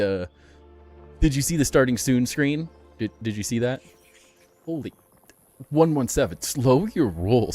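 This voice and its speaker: A man streaming a building game, talking casually with chat in a rambling way, laughing often and restarting his sentences. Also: on the low side.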